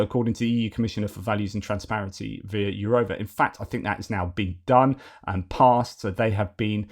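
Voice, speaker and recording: A man's voice: mid-range voice, darkish tone. Man giving digressive, opinionated news commentary. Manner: digressive, argumentative, many fillers and restarts.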